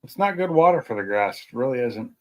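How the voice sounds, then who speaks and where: A man's voice: mid-range voice, lively intonation, fairly quick, darkish tone. Male stream host, casual home chat, easygoing and self-deprecating, mid-range voice. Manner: rambling, chatty, self-deprecating. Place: at home at night.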